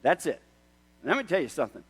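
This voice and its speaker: A male pastor delivers his sermon in a voice that sits somewhat high for a man. He moves from easy, conversational storytelling to loud, emphatic questions. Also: very animated, fast talker, breathy edge, faint music behind, low-quality recording.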